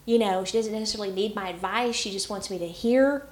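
A woman's voice: medium pitch, fast talker, echoey room. A woman telling stories in a casual chat about relationships, laughing often as she talks. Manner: chatty storyteller, laughs often.

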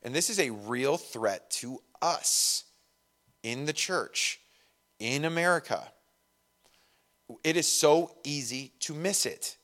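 A pastor with a slightly higher-than-usual male voice delivers a casual, conversational sermon. He slips into little acted voices for the people he quotes, and his level rises and falls sharply. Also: expressive, slow pace, pauses often. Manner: conversational, acts out quoted voices, swings loud and soft.

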